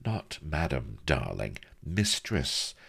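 A man's voice: a bass voice, big pitch swings, slow, vocal fry, a bit bright, breathy edge, full character voice. A man voicing a teasing, domineering noblewoman. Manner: teasing, commanding drawl. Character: plump, domineering, flirtatious noblewoman.

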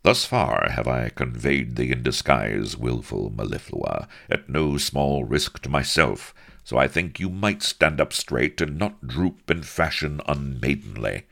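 Storybook swashbuckler: a stiff, reproving masked grandee, very deep and gravelly, as a narrator puts him on. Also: male voice, lively intonation, a little slow, fairly bright tone, exaggerated voice. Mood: stern. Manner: formal, archaic, reproving. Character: stern masked Spanish grandee, man.

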